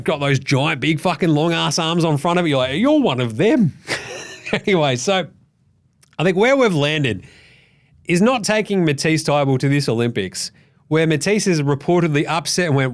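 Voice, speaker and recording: An Australian man hosting a basketball show, ranting in a profane, animated and exasperated way. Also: a little high, moderate pace. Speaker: basketball podcast host. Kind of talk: ranting casual commentary.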